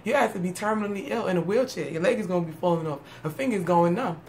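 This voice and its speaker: A woman's voice: lowish voice, quick pace, darkish tone, slight background noise. A woman delivering a sarcastic, streetwise comedic rant, laughing at her own jokes. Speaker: comedic monologue host.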